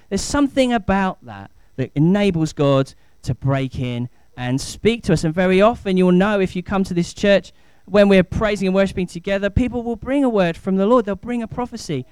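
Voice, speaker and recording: Man, 30s, pastor, enthusiastic family sermon, high clear voice, dry sound. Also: lively intonation, moderate pace, hardly any pauses, a little mellow, dry recording. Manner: chatty, enthusiastic, rising to emphatic. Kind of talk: family church talk. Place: church.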